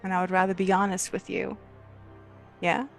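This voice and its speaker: A player at a tabletop game with a voice pitched in the middle range, talking in a brash, playful way and cursing freely. Soft music plays faintly underneath. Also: monotone, moderate pace, gravelly. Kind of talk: casual game table chat.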